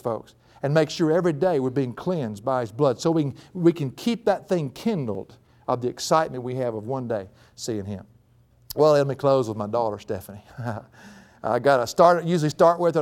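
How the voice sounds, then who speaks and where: A middle-aged man preaches a folksy sermon to a live audience, telling a family story and laughing often. His voice climbs high when he gets excited, and he talks a little fast.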